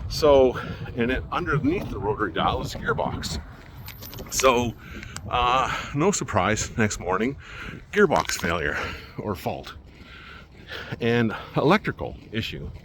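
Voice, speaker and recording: A man's voice: medium pitch, big pitch swings, a little slow, long pauses, background noise. A man telling a long story in a rambling, exasperated way and acting out what other people said. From Manitoba, Canada. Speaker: vlogger. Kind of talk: casual storytelling.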